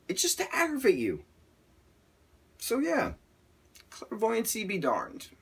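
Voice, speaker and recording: A man's voice: fairly high pitch, fairly bright tone, breathy edge. A man narrating his journal in the first person, with a casual, irreverent delivery. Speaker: narrator reading journal entries.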